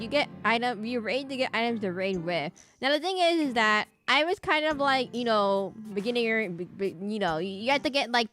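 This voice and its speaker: A woman's voice: mid-range voice, a bit bright. A woman VTuber streaming a game, rambling in casual chat with lots of laughs and self-interruptions.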